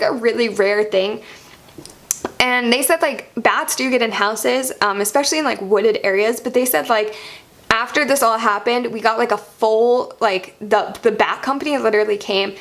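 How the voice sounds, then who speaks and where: A young woman with a fairly high voice tells a personal story straight to camera. She talks in a loose, chatty rhythm, sprinkling "like" through every sentence and breaking into laughs. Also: a bit bright. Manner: chatty, heavy use of "like", frequent laughs. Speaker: vlogger. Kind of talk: casual storytelling.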